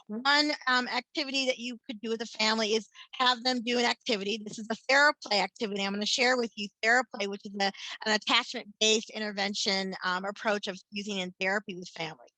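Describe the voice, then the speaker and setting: A woman with a bright, somewhat high voice presents a workshop on family therapy. She talks in an earnest, explanatory way and often restarts or repeats words mid-sentence. The sound is dry, with no room around it. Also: fairly even intonation, fast talker, no room sound, rough recording. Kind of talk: conference workshop talk.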